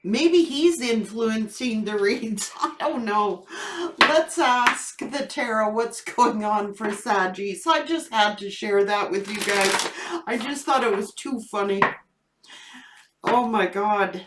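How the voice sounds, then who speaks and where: A woman's voice: medium pitch, takes it slowly, very noisy. A woman doing a casual tarot reading video, telling a funny story with plenty of laughter. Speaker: tarot reader. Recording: echoey room.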